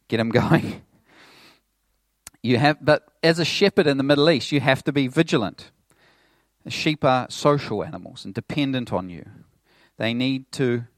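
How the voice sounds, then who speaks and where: A man's voice: fairly low pitch, dry recording. Chatty male pastor. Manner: conversational, animated storytelling with playful put-on voices. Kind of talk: sermon.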